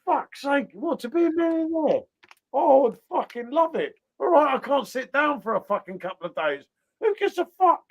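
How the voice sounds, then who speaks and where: A middle-aged man hosting a casual live chat over beers, loud and sweary in his banter, talking over a video call. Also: extremely high pitch, big pitch swings, normal speed. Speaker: host.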